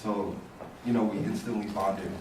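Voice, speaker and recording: A man's voice: lowish voice, fairly even intonation, a little mellow. Young man, casual eulogy, full of fillers, speaking from far off in an echoey hall. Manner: halting, heavy on fillers like "like" and "you know". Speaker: eulogy speaker, fraternity brother. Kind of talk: informal memorial speech. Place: large echoey hall at a memorial. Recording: echoey hall, distant voice, room noise.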